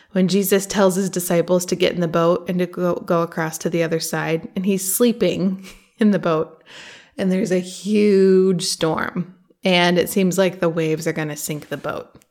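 A woman's voice: on the low side, darkish tone. A woman hosting a faith podcast, speaking earnestly and conversationally and reading quotes from a book aloud. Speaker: podcast host. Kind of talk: reflective faith podcast talk.

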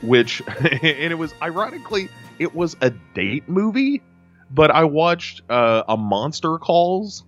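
A man's voice: on the high side, sing-song, a little slow, faint music behind. A man chatting casually on a podcast, rambling with lots of fillers. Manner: rambling, full of fillers and restarts. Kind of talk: casual chat.

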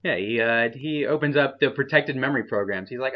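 A man's voice: mid-range voice, brisk. A man co-hosting a podcast in casual chat, recapping with a dry, wry humor. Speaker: podcast co-host. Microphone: remote call. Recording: slightly muffled remote call.

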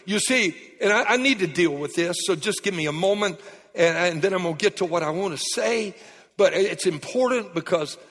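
Husky high-voiced preaching man. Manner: emphatic, swings from quiet to shouted peaks. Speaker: pastor. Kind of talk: sermon preaching. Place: church sanctuary. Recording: long hall reverb.

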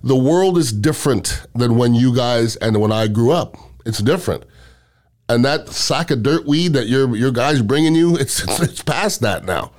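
A man hosting a podcast, talking casually and bluntly in an animated storytelling way. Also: mid-range voice, normal speed. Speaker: podcast host. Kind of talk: casual monologue.

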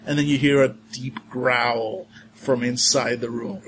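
A man's voice: mid-range voice, little pitch movement, unhurried. A man narrating a tabletop game as game master, rambling with many fillers. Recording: faint background hiss.

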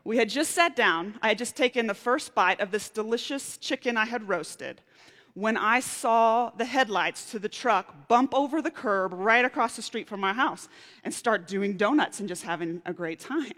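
A woman preaching a sermon, telling a personal story with lively, animated outbursts. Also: fairly high pitch, normal speed. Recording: reverberant hall.

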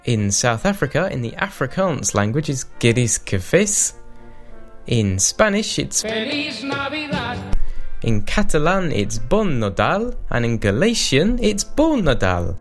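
British man, co-host, animated pitch, careful self-deprecating delivery, soft music under. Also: unhurried. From Britain. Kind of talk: reading a list of greetings.

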